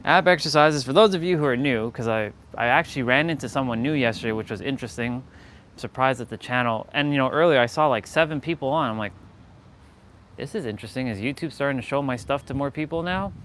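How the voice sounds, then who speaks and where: A man's voice: mid-range voice, quick pace, fairly bright tone, a little hiss or hum. A man hosting a fitness livestream, talking in a loose, rambling, joking way. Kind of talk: casual livestream chat.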